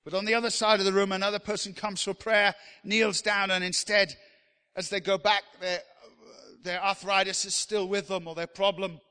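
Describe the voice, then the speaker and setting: A man preaching a sermon with passion, often rising to loud, emphatic appeals. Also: high voice, flat delivery, normal speed, smooth. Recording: long reverb of a large hall.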